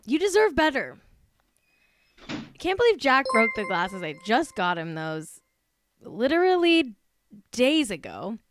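A woman's voice: fairly high pitch, sing-song, unhurried, pauses often, music in the background. A woman hosting a casual celebrity gossip podcast, sarcastic and exasperated, swearing freely. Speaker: podcast host.

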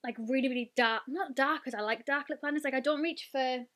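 A British woman in her twenties, a beauty vlogger chatting excitedly while unboxing and swatching, gushing with lots of "like" and "oh my god". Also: high-pitched, brisk. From United Kingdom.

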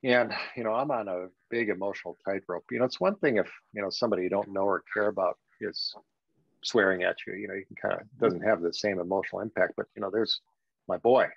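An older man tells a personal story on a podcast, pausing often and leaning on "you know" as he reflects. His voice sits low and gravelly, with a creaky edge. The recording is dry and a little dull, like a basic lo-fi setup. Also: no room sound. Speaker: guest.

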